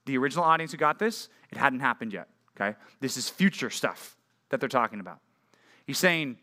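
Bright-voiced man preaching to teens. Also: mid-range voice, expressive, fairly quick. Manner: casual and conversational, asks listeners questions. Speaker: youth pastor. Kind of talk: youth sermon. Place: church youth group meeting.

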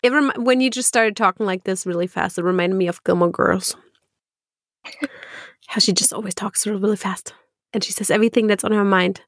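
A woman's voice: medium pitch, fairly quick. A woman with a mid-range voice hosts a podcast, appreciative and open in a casual chat. The sound is dry, with no room echo around her voice. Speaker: podcast host.

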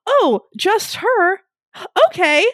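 A sweet, coy princess voice, put on by a woman telling a story. She drawls her lines slowly in a high, lilting sing-song that rises and falls widely. The sound is close and dry. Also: very animated, fairly bright tone, no echo, full character voice. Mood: sweetly teasing.

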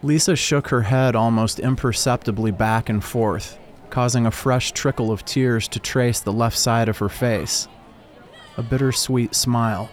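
A man narrating a first-person story in a calm, reflective way. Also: mid-range voice.

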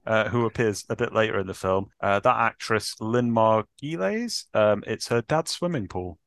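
A man's voice: fairly low pitch, animated, moderate pace, gravelly, a bit bright, dry recording, studio quality. Chatty man recapping a film. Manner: chatty storyteller, filler-heavy. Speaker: podcast co-host. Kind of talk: casual movie-review chat.

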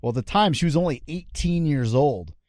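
A man's voice: fairly high pitch, animated, brisk, darkish tone, no echo, clean studio sound. A man hosting a retro game show podcast, telling stories in a chatty, laughing way. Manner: chatty storytelling, laughs often. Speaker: podcast host. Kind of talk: casual podcast banter.

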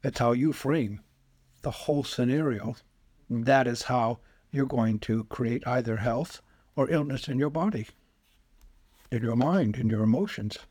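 A man, a spiritual healer, speaking as a podcast guest and telling lively anecdotes, acting out the quoted voices. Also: medium pitch, unhurried, slightly rough, no room sound. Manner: animated anecdotes, acts out quoted voices, chuckles often. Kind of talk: casual storytelling interview.

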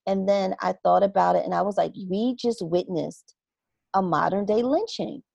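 A woman's voice: medium pitch, moderate pace, gravelly, slightly rough, dry recording, dull audio. Earnest woman telling a story, dry sound. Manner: animated, acts out her own inner reactions; earnest and reflective. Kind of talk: casual conversational storytelling.

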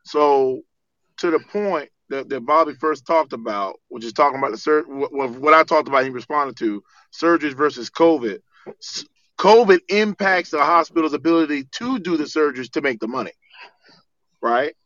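A man with a bright, sharp voice who argues his case insistently. He repeats himself and cuts into the others. The sound is dull, as if from a muffled call line. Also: on the high side, expressive, normal speed, dry recording. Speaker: guest with a medical budget job. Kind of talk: casual debate chat.

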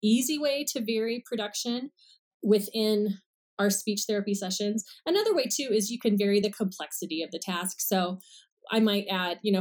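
A woman's voice: mid-range voice, a little mellow. Woman clinician, podcast guest: casual, friendly step-by-step explainer. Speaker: speech-language pathologist guest.

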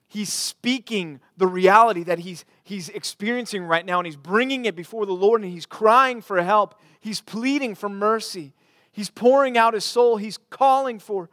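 High-voiced preaching man, dry sound. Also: no room sound. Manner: earnest preaching, swings from quiet to emphatic; repeats phrases for emphasis. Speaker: pastor. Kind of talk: sermon.

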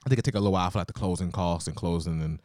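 A man's voice: sits low, rapid-fire, darkish tone, no room sound, clean studio sound. A young man in casual chat, playful and teasing, who keeps slipping into imitations of other people. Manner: playful, teasing, slips into voices.

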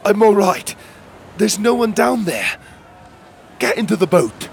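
A man voicing a bold, bearded male ship captain who shouts his orders in a storybook adventure. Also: high-pitched, very animated, unhurried, creaky, a little hiss or hum, voice pushed up, exaggerated voice. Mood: shouting. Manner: loud, shouting commands.

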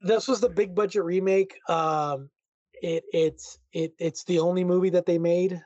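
A man's voice: high voice, steady tone, measured pace, a little mellow, no room sound. A man co-hosting a podcast, chatting casually about movies in an easygoing way, laughing often and restarting his sentences. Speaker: podcast co-host. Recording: dry, dull lo-fi sound.

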